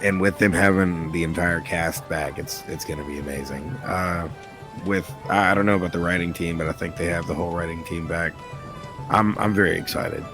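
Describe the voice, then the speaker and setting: A man with a fairly low voice rambles happily about his favourite cartoon, dropping casual swears as he goes. Music plays clearly behind him. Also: fairly quick. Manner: rambling, excitable, swears casually, quotes scenes in put-on voices. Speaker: podcast host.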